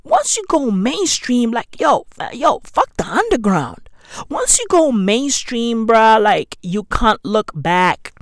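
Slow, dry-voiced woman ranting. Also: medium pitch, no echo. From South Africa. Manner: slangy, sarcastic, heavy swearing, dramatic swings between loud and hushed. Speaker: vlogger. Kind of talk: profane self-mocking vlog rant.

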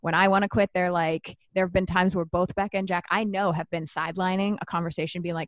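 Brief: woman in her thirties, podcast co-host, chatty and profane, slightly low, dry close sound. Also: fast talker, few pauses, dry recording. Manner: chatty, swearing, animated storytelling with quoted voices. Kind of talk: casual chat.

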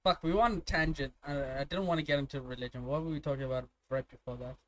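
A young man from India talks casually with a friend, full of swearing and quick anecdotes. His voice sits slightly high. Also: steady tone, a bit bright. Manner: profane, storytelling, laughs often. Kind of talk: casual chat.

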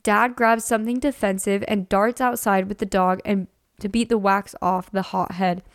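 A woman's voice: medium pitch, fairly even intonation, normal speed, no room sound, studio quality. A young woman co-hosting a podcast, reading creepy stories aloud and chatting casually with a lot of "like". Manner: chatty, full of "like". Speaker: podcast co-host.

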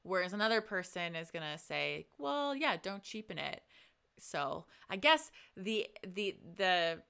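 A woman co-hosting a casual podcast who muses aloud, circling back as she works through her thoughts. Her voice sits on the low side, yet it comes across bright and crisp. She speaks with a smooth, clear tone. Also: sing-song, measured pace. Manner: reflective, thinks aloud with restarts. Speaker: podcast co-host. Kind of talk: casual chat.

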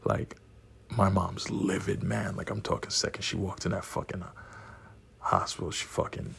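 A man's voice: low voice, flat delivery, moderate pace, a bit bright. A man in his forties telling a profane, rowdy personal story and laughing at his own punchlines. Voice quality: gravelly, husky voice.

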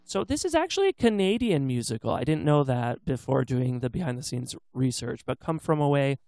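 A man co-hosting a casual podcast chat, animated and playful, slipping into jokey put-on accents. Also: a little high, dry recording. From Pacific Northwest. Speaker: podcast co-host.

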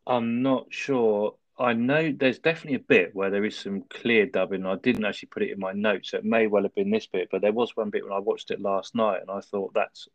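A relaxed man walks through a film's plot in easy, casual chat, his voice on the low side. The recording is dry and slightly dull, like a home podcast. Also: brisk, hardly any pauses, no room sound. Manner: relaxed, laughs often, recaps the plot. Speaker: podcast co-host. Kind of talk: casual film review chat.

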